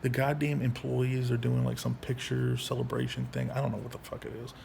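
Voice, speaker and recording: A man in his thirties telling his own story in a casual monologue, angry and profane, halting with frequent restarts. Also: medium pitch, flat delivery, gravelly, darkish tone. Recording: faint background noise.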